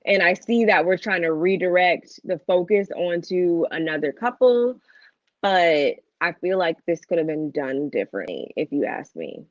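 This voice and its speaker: A woman's voice: on the low side, animated, no echo. Rambling woman, dry muffled mic. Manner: rambling, thinking aloud with many pauses. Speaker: co-host. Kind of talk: casual chat on a livestream.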